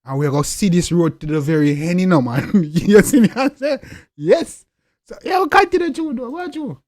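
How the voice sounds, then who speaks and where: A young man with a Jamaican accent, talking in an interview in a forceful, repetitive way with loud emphatic bursts. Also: high voice, animated, fairly quick, no echo. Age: young adult. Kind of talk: interview talk.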